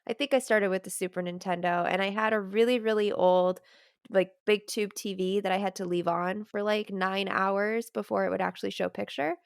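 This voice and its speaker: A woman's voice: mid-range voice, steady tone, brisk, vocal fry, smooth, dry recording, studio quality. A woman in her thirties chatting on a podcast, rambling and correcting herself as she remembers. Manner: rambling, self-correcting recollection. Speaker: podcast co-host. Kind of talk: casual chat.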